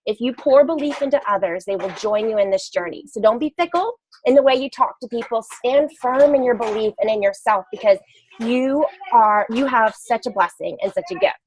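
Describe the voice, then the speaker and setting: A woman's voice: on the high side, animated, brisk, a little mellow, a little hiss or hum, low-quality recording. A woman hosting a group call, giving an earnest, encouraging pep talk and calling herself scattered. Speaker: call host.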